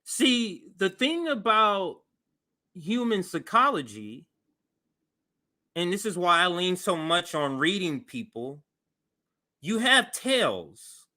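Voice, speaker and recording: Host commentator, male, high and very bright voice, incredulous and mocking. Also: big pitch swings, takes it slowly, pauses often. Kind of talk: reaction commentary on a news clip.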